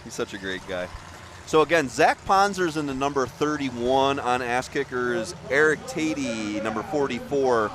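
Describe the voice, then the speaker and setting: Crowd noise surrounds a man giving live play-by-play at a demolition derby, calling out drivers while joking, chatting and laughing often. He speaks at normal speed in a medium-pitched voice with lively intonation.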